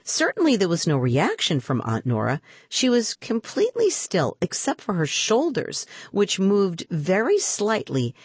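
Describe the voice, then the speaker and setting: Slow, breathy woman reading a storybook. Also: medium pitch, dry recording. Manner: expressive, unhurried read-aloud.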